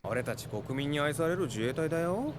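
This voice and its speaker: A man's voice: fairly high pitch, very fast, a little hiss or hum, lightly acted. A man voicing a laid-back otaku army captain. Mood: easygoing. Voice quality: relaxed, offhand and teasing. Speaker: squad leader. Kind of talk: anime dub acting. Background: loud music.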